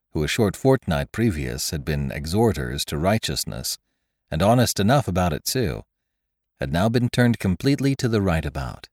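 A male narrator reads an adventure tale in a steady, measured way. His voice sits very low. The recording is dry and close, with no room sound. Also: no echo. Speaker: podcast narrator. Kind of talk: audiobook narration of an adventure story.

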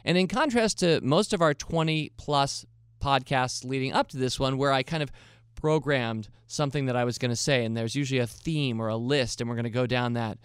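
A man's voice: mid-range voice, brisk, smooth, no room sound, clean studio sound. A man from the United States hosting his investing podcast, talking through listener questions in a conversational, upbeat way with the odd light laugh. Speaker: podcast host. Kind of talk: casual solo podcast talk.

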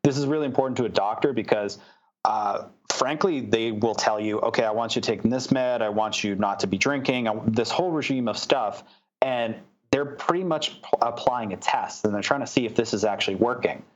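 A man's voice: medium pitch, fairly quick, muffled recording. A man answering interview questions as a startup founder, talking with many fillers and restarts.

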